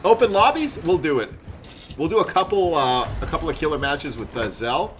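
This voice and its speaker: Lively, bright-voiced male game streamer. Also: fairly high pitch, fairly quick, slight background noise. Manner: excitable, yelps and laughs at game moments. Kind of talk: casual gameplay chat. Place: room at home.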